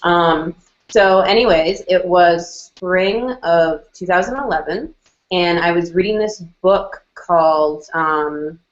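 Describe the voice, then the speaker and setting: A woman's voice: on the low side, takes it slowly. A woman telling a personal story in casual chat, filling her talk with "like" and "um" and acting out what people said. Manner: chatty, lots of "like" and "um", acts out quoted lines. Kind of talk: casual storytelling on a video call. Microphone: video call. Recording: roomy, muffled video-call audio.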